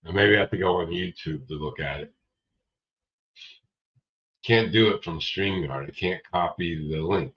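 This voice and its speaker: A man's voice: deep voice, unhurried, pauses often. A man hosting a casual livestream, rambling and answering viewers by name. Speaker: livestream host. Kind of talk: casual livestream chat reading viewer comments. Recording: dull lo-fi stream audio, distant from mic.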